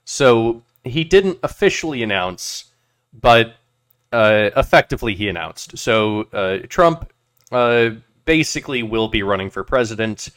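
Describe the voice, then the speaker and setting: A man's voice: medium pitch, expressive, measured pace, fairly bright tone. A man hosting a casual political podcast, talking hesitantly with constant filler sounds. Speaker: podcast host.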